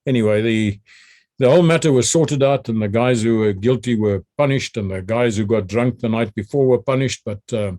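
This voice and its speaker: Older South African man, retired officer recounting his service, lively and vivid storyteller, middle pitch. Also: brisk. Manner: animated storyteller who acts out the orders he shouted. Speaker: retired army general. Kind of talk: recounting memories in a conversation.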